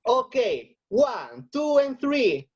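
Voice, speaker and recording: A woman's voice: sits high, wildly swooping pitch, slow, gravelly, a little mellow, muffled recording. A woman teaching English vocabulary to children in an online lesson. She is encouraging, repeats phrases and switches into Spanish. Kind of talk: online lesson for young learners.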